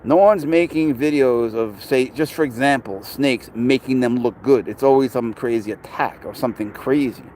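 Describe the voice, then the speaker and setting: A man's voice: medium pitch, normal speed, hardly any pauses, a little mellow, a little hiss or hum. A middle-aged man, rambling in casual chat while talking with people and viewers outdoors. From New York. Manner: rambling, chatty, talks to passers-by and chat. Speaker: pet owner vlogger. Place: outdoors at a city dog park.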